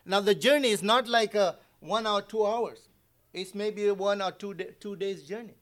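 Male preacher, very high voice, animated and emphatic sermon delivery. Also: moderate pace. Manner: animated, acts out quotes, emphatic.

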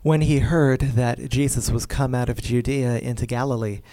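Man reading scripture, mellow and steady, dry close sound. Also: medium pitch, normal speed, no echo. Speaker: scripture reader.

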